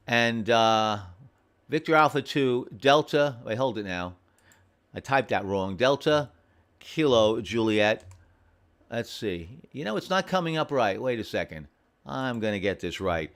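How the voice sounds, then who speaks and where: A man running an amateur radio station from home, friendly and repeating call signs slowly and carefully. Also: mid-range voice, fairly bright tone, smooth. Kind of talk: on-air radio contacts, reading call signs.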